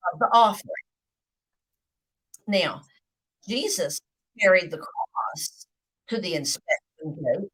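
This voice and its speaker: A woman giving a live video Bible teaching, speaking slowly and deliberately, with the occasional hiccup. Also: mid-range voice, breathy edge, dry recording, rough recording. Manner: slow, deliberate, lively intonation.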